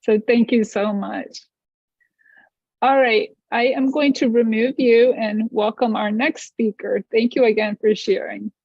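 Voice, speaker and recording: A woman's voice: on the high side, fairly even intonation, measured pace, gravelly, dry recording, dull audio. A woman hosting an online event, thanking a speaker and reading out the next speaker's introduction. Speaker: event host.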